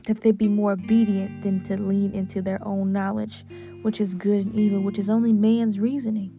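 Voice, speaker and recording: Woman, fervent spoken prayer, gravelly edge, guitar playing behind, muffled closet sound. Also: medium pitch, flat delivery. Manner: fervent, repetitive, drawn-out praise. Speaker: podcast host. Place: lying down in a closet. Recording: muffled closet recording over guitar music. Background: soft guitar music.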